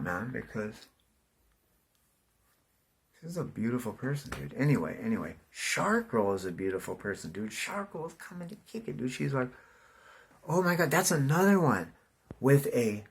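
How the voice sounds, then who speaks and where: A man's voice: mid-range voice, gravelly, breathy edge. A man in his forties from California, rambling casually to the camera, swearing and saying "dude" constantly. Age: 40s. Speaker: vlogger.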